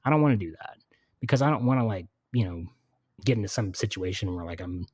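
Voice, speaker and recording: A man's voice: on the low side, fast, slightly rough, no echo. A man in his twenties, a podcast host, telling a story in casual chat and acting out what he and others said, with lots of fillers. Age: 20s. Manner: animated storytelling, acts out quoted exchanges, many fillers.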